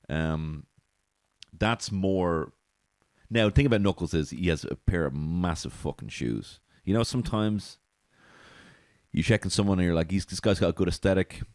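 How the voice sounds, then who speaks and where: A man's voice: low-pitched, a little mellow, no echo. A man hosting a comedy podcast, rambling through a profane, giggly monologue on a close mic.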